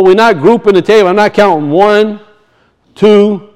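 Teaching from scripture, this man asks the congregation questions, answers them himself and returns to key points in his teaching sermon. He has a smooth, slightly mellow voice that sits high, at a moderate pace.

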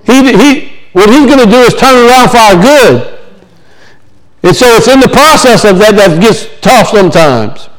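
A man with a strikingly high voice, preaching to his church. He reads a passage of scripture, then drives its point home by repeating key phrases with emphasis. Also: expressive, normal speed, a bit bright, low-quality recording. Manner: preaching, reading scripture aloud then expounding with emphatic repetition. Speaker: pastor. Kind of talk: sermon.

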